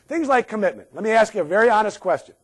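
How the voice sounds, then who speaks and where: Higher-voiced man giving a sarcastic safety talk. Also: animated, very fast, breathy edge. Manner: sarcastic, joking, acts out what people say. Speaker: workplace safety speaker. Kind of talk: humorous keynote talk to an audience.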